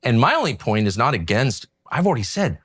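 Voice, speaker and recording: A man's voice: mid-range voice, big pitch swings, a little fast, fairly bright tone, husky. A man in an interview, arguing provocatively in a wry tone.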